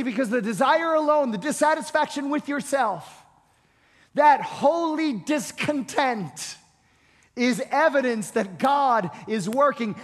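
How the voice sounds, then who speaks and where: In a reverberant hall, a man delivers a sermon as a pastor, his voice very high and a bit bright. He presses each point emphatically, repeating himself and frequently restarting words.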